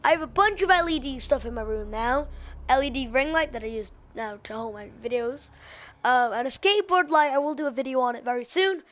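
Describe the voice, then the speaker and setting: A young woman chatting while playing a game, excitable and prone to shouting at game events. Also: high-pitched, a little fast. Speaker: gaming YouTuber. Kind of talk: let's play commentary. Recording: game music and sound behind.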